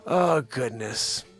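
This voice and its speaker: A man's voice: on the high side, a bit bright. A man hosting a daily live comedy stream from home, rambling loosely, scolding his dogs and calling out viewers' names.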